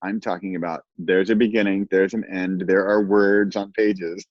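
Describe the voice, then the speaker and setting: A man with a deep, low voice talks in a relaxed, lively way, laughing often and acting out little quotes. The sound is dry and muffled, like a video call. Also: a little slow, no room sound. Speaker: guest. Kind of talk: casual conversation.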